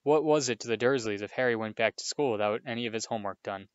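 A man reading a chapter book aloud to a listener, relaxed with informal asides. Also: medium pitch, quick pace, clean tone, dry recording, dull audio. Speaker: reader.

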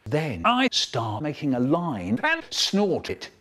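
A man's voice: a little high, wildly swooping pitch, slow, noisy background. A man telling a comic story in a theatrical style, his voice swooping up and down. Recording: edited clips from older recordings.

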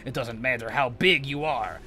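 A man's voice: mid-range voice, moderate pace, bright, forceful tone. A man giving profane comedic commentary while playing a game, boasting like a mock villain and yelping at sudden scares. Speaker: let's play gamer.

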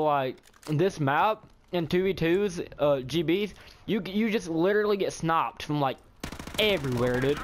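An excitable young man talks through his match in a loose, rambling way, repeating exclamations when things heat up. His voice sits a little high, and faint game gunfire runs beneath it. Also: a little hiss or hum. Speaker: gaming YouTuber. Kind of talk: live gameplay commentary. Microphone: headset or desk mic.

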